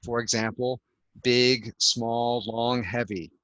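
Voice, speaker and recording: A man's voice: mid-range voice, level tone, slow pace, fairly bright tone, no echo, low-quality recording. A man teaching an English grammar lesson over a video call, explaining patiently step by step with lots of fillers. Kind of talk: online language lesson.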